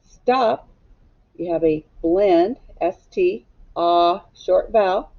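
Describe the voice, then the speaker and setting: Slow, patient woman teaching phonics. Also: fairly low pitch. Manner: slow, patient, asks pupils to echo words. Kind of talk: recorded phonics lesson for young students. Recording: slightly dull, lo-fi recording.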